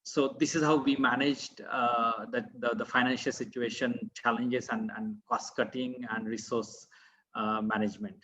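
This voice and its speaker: A man on an online business panel, explaining step by step with frequent pauses. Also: medium pitch, steady tone, fairly bright tone, lo-fi sound. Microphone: video call.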